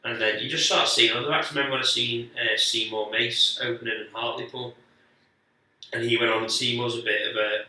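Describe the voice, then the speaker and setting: A man's voice: mid-range voice, fairly even intonation, a little fast, sharp tone. A man, a guest comedian telling rambling, sweary, self-mocking stories on a podcast. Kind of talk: casual podcast storytelling. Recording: echoey room, speaker distant from the mic.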